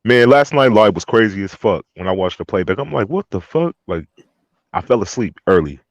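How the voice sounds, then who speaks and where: A man's voice: fairly low pitch, animated, brisk, no room sound, lo-fi sound. A man co-hosting a stream, laid-back and cursing casually as he chats. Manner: laid-back, swears casually, laughs often. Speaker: co-host. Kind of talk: casual chat.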